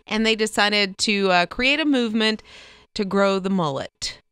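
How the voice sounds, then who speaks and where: A woman co-hosting a morning radio show, chatting casually, reacting quickly and laughing often. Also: a little high, animated, fairly bright tone, smooth, dry recording.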